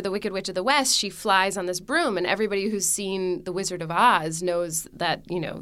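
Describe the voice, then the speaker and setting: A woman's voice: lowish voice, fairly bright tone, no room sound. A young woman, a stage actress, telling a story in a casual interview, acting out her own panic in quoted lines.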